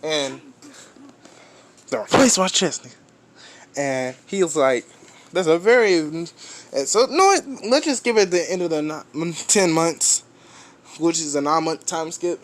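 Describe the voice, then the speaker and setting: A man's voice: fairly high pitch, animated, a little slow. A man casually retelling a fan story, rambling, restarting often and swearing offhand.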